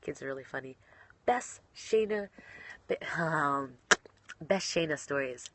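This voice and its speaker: A woman's voice: deep voice, lively intonation, measured pace, slight background noise. A young woman, a professional wrestler, chatting casually while answering online questions, bubbly and giggly and often trailing off mid-sentence.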